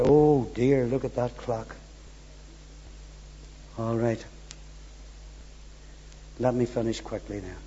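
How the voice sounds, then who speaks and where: A man preaching a sermon, fervent, with quiet, low pleading asides. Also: breathy edge. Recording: dull sound in a large reverberant hall.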